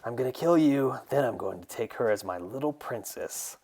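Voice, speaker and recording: A man's voice: mid-range voice, animated, moderate pace, darkish tone, pitched above the performer's own voice. A man voicing an arrogant male coyote skinwalker who taunts and threatens in a sneering tone. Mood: menacing.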